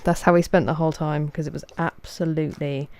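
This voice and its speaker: A woman's voice: low voice, little pitch movement, fairly quick, a little mellow. An English woman in her thirties streaming a game, chatting in a rambling, self-mocking way. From England. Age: 30s. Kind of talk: casual chat.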